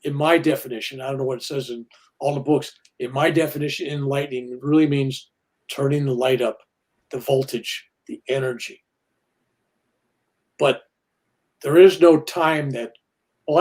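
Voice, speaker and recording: A man's voice: on the high side, normal speed, pauses often, darkish tone. An older man, a minister and guest, talking earnestly about spirituality and acting out quoted voices as he tells stories. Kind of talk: spiritual interview talk.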